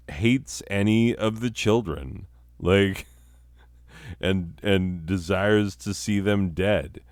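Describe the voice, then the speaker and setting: A man with a very deep, unhurried voice rambles through a profane comedic monologue, laughing at his own jokes. His tone is sarcastic and meandering, and his voice sounds smooth and clear. The recording is dry and close. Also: darkish tone, no echo. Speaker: podcast host.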